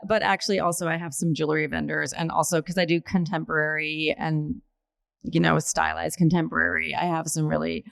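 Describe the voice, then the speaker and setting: A woman's voice: low voice, vocal fry, no room sound, clean studio sound. A woman on a panel speaking emphatically. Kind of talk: panel discussion.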